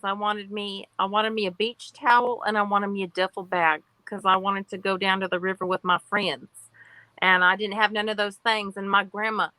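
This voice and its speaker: A woman's voice: medium pitch, pushed and bright, dry recording, low-quality recording. A woman playing a folksy, sentimental guest. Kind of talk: improv comedy.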